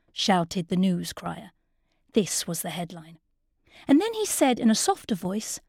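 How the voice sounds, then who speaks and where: A woman narrating a children's story in a lively, expressive way. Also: mid-range voice, a little slow, no room sound, studio quality.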